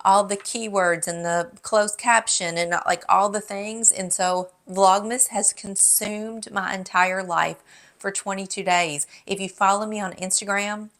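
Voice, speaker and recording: A woman's voice: mid-range voice, steady tone, measured pace. A middle-aged woman with a Southern US accent, chatting to camera as she answers viewer questions in a casual vlog from her home office. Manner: chatty and warm, says "y'all". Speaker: lifestyle YouTuber.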